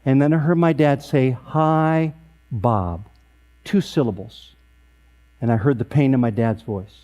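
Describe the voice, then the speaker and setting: A man in his sixties, emceeing an awards event, telling a funny family story in a deadpan way with sharp comic timing. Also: medium pitch, a little fast.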